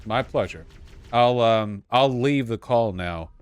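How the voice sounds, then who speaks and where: A man giving casual, excitable live commentary while playing a shooter game, reacting loudly, swearing and humming along. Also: mid-range voice, slow, clean tone. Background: game music and gunfire.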